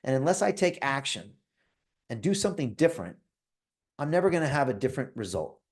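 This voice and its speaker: A man voicing a fed-up woman club member, raising his pitch and sounding defiant. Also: sing-song, brisk, close to an everyday voice.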